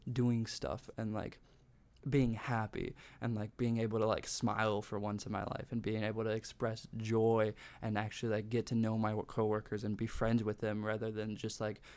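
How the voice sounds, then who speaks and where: A man's voice: on the low side, completely flat delivery, normal speed, darkish tone, clear, resonant tone. A young man vlogging from his bedroom, telling a personal story in a rambling, casual way, full of "like" and swearing. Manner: rambling, heavy use of "like", sweary.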